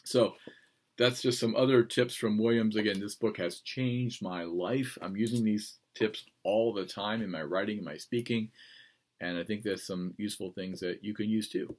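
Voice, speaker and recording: A man teaching a class on writing, lecturing with emphatic, animated delivery and playful asides. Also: lowish voice, normal speed.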